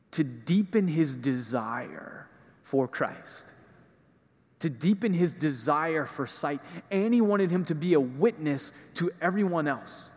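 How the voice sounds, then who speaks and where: A male preacher giving a conversational homily in a church, using casual fillers as he explains. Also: a little high. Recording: reverberant hall.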